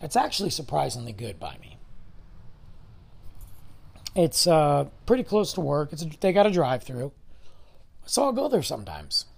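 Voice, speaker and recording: Exasperated ranting podcast host, gravelly voice. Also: mid-range voice, huge pitch swings, normal speed, long pauses, darkish tone. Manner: exasperated, ranting, mocking rhetorical questions. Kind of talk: solo opinion rant.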